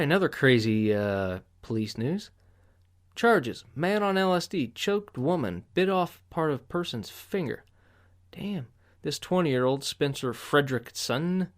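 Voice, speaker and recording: Guy on a podcast reading news and cussing it out, sarcastic, just a regular mid voice. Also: medium pitch. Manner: crude, profane, sarcastic riffing between read headlines. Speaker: podcast host. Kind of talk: casual news commentary.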